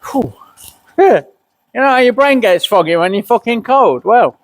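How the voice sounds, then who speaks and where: A man's voice: very high voice, animated, moderate pace. A middle-aged man, giving a muttered, swearing running commentary as he works in a cold workshop. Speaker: custom motorcycle builder.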